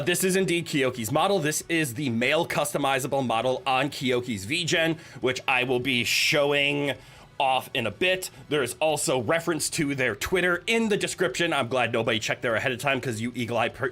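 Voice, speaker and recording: A man's voice: medium pitch, normal speed, bright, forceful tone, faint music behind. A man streaming live, chatting casually with his viewers in a nervous, joking, giggly way. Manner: chatty, joking, talks to chat.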